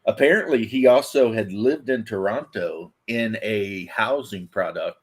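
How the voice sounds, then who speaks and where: A man's voice: on the low side, a little slow. A man hosting a casual podcast chat, rambling and laughing as he talks. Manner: rambling, laughs often, loose fillers. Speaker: podcast host.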